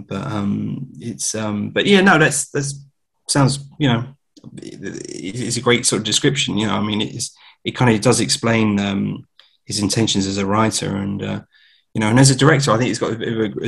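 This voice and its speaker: A man's voice: lowish voice, normal speed, gravelly, fairly bright tone, husky. A man, a podcast guest, telling rambling anecdotes in a casual film chat.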